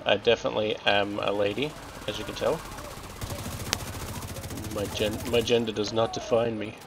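Casting: Australian male streamer, gravelly and chatty, loud gunfire underneath. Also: lowish voice, level tone, moderate pace, noisy background. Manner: chatty, joking, reacting aloud to the game. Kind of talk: casual gameplay commentary. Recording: game gunfire and explosions loud behind voice.

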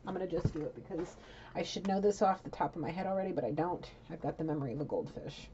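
Mellow, blunt woman giving a casual reading. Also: on the low side, quick pace, muffled recording, slight background noise. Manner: rambling, blunt, chatty, swears. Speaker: psychic tarot reader.

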